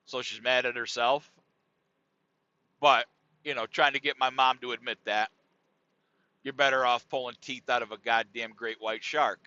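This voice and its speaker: A man's voice: medium pitch, fairly even intonation, moderate pace, pauses often, pushed and bright, clear, resonant tone, no room sound. Profane, rambling middle-aged man host. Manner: rambling, profane, laid-back. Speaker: podcast host. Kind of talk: casual comedic monologue. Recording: dull dry lo-fi sound.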